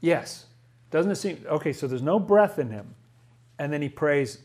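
A man's voice: on the high side, lively intonation, a little slow, darkish tone. A man leading a Bible study lesson. He talks thoughtfully, often restarts his sentences and asks rhetorical questions.

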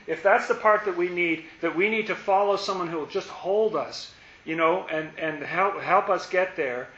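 A man giving a reflective Bible talk, musing and turning forceful and emphatic, in an echoey, dull lo-fi recording. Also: high-pitched. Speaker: Bible teacher.

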